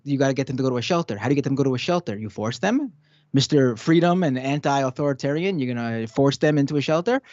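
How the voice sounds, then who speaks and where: A man's voice: medium pitch, dry recording. Man, live-stream host, casual ranting chat, dull lo-fi sound. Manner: animated, ranting, fast when arguing. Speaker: show host.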